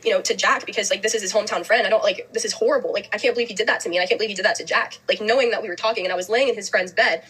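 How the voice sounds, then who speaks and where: Quick, husky young woman telling a story. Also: medium pitch, fairly even intonation, a bit bright, rough recording. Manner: fast, halting, heavy with "like" fillers. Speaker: podcast guest. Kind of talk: interview, telling a personal story.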